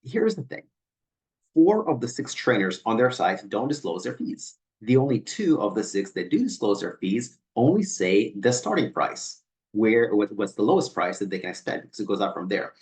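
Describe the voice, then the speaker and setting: A man's voice: lowish voice, very animated, normal speed, darkish tone. A man who is a personal trainer, reading emails aloud and picking them apart in a skeptical, pointed way, often restarting on repeated words. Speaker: personal trainer and channel host.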